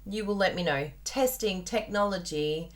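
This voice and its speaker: A bubbly Australian woman hosts a chatty live card-making tutorial, speaking directly to her viewers. Her voice sits in the mid range at a moderate pace, picked up by a plugged-in microphone at her desk.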